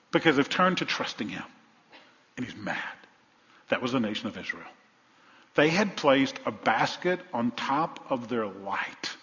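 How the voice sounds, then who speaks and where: Man preaching in a reverberant church hall. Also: mid-range voice. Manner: preaching with rhetorical questions, swinging from loud to hushed. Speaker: pastor. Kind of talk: sermon. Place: church sanctuary. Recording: dull lo-fi sound with long hall reverb.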